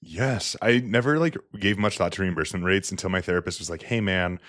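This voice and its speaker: A man's voice: low voice, animated, quick pace, fairly bright tone, no room sound, clean studio sound. A man hosting a podcast, chatting casually and enthusiastically with a guest. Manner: enthusiastic, many "like" fillers. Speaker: podcast host. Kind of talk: casual interview chat.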